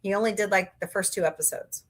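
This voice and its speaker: A woman's voice: mid-range voice, fairly even intonation, fast. A woman hosting a casual livestream, reading out viewer comments and chatting with sarcastic jokes and laughs. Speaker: livestream host.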